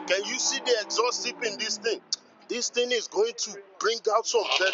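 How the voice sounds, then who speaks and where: A man's voice: high-pitched, unhurried, gravelly, dull audio, heavy background noise. A man vlogging as he walks around a rainy outdoor car meet, hyped and exclamatory, repeating himself as he points things out. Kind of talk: excitable walkaround vlog.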